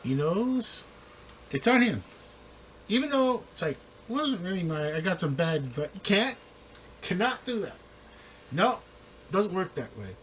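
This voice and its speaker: A man breaks down a football game in loose, rambling talk, his pitch leaping high and dropping low as he goes. He restarts his sentences constantly and laughs along the way. A faint hum of room ambience sits behind him. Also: big pitch swings, a little slow, long pauses, fairly bright tone. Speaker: football commentator. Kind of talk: casual sports commentary.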